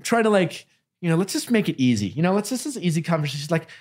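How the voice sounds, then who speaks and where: A man's voice: on the high side, animated, rapid-fire. Rambling young man telling stories. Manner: rambling storytelling with many fillers and restarts. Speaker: podcast host. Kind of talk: casual chat.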